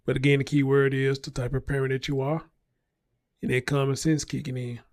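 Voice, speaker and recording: A man's voice: medium pitch, level tone, fairly quick, darkish tone, no room sound, studio quality. A man hosting a casual news commentary show, talking bluntly and profanely and repeating his points for emphasis. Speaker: show host.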